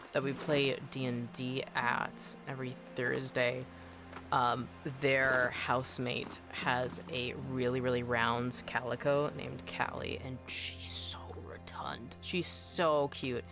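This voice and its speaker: A game streamer chatting casually during live gameplay, excitable and gushing, often trailing off and restarting. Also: medium pitch, slow pace, music in the background.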